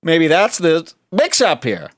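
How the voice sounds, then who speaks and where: A man's voice: a little high, huge pitch swings, slow pace, no room sound. A man hosting a podcast, giving sarcastic, scoffing commentary over a clip, often breaking into laughter. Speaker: podcast host.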